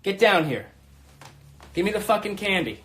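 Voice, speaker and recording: Dude playing a gruff cop barking orders, loud and pushy. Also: male voice, high-pitched, big pitch swings, normal speed, slight background noise. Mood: aggressive. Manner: barking, commanding. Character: gruff tough-guy undercover cop.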